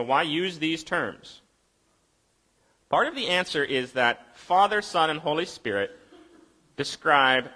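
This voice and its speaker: A man delivering a sermon with a lively, swooping delivery and a bright, forward tone. He explains ideas in a conversational way, asks rhetorical questions, and slows down to read scripture solemnly. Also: on the high side. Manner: reads scripture aloud slowly and solemnly. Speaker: pastor.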